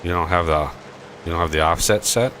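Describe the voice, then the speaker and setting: A gaming channel host with a low-pitched voice chats casually and briskly while playing a game, telling a rambling story full of restarts over a noisy background.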